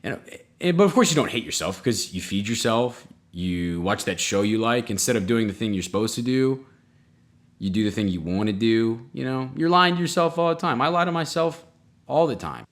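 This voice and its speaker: A man hosting a comedy podcast, telling self-mocking stories in a rambling way, with sudden jumps in pitch. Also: animated, normal speed. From United States. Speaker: podcast host. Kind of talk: comedic solo monologue.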